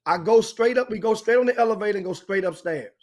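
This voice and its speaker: An older man with a drawl spins a long, meandering story as a talk show host. His voice sits a little high, and he circles back on himself as he talks. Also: fast. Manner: animated, rambling anecdote with frequent restarts. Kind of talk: casual storytelling chat.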